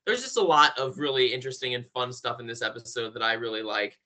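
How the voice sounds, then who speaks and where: A man giving a casual podcast review in a relaxed, easygoing way, using "like" often. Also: medium pitch, fast. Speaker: podcast co-host.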